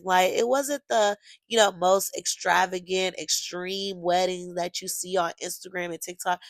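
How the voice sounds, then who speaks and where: A young woman hosting her own podcast, telling a personal story in a lively, gushing way and talking straight to her listeners. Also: mid-range voice, gravelly, dry recording. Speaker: podcast host. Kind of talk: casual storytelling monologue.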